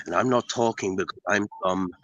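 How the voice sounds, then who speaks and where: A man giving an in-character wrestling promo on a video call. He talks in an intense, boastful way, swears, and builds to shouts. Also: low voice, a little fast, lo-fi sound, background noise. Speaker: pro wrestler guest.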